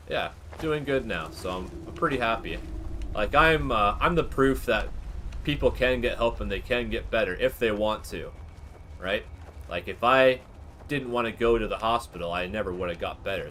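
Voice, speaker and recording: A man's voice: fairly low pitch, normal speed, sharp tone, slight background noise. A man chatting casually while he streams a game. He rambles candidly, with lots of fillers and the odd swear word. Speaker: gaming livestreamer.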